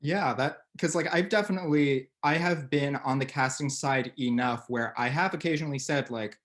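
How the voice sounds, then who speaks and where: A man's voice: medium pitch, normal speed, few pauses, fairly bright tone. Playful male interviewer asking questions. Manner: curious, playful, asks long questions. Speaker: interviewer, host. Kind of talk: casual interview talk.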